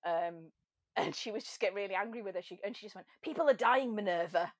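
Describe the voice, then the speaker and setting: A woman chatting as a podcast guest, self-mocking and quick to laugh. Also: medium pitch, dry recording, clean studio sound. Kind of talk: casual chat.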